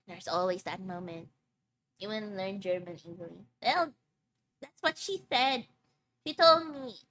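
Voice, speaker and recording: A woman's voice: mid-range voice, lively intonation, normal speed, fairly bright tone, a little hiss or hum. A young woman, a streamer chatting casually and rambling between giggles. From Philippines. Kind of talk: casual live-stream chat.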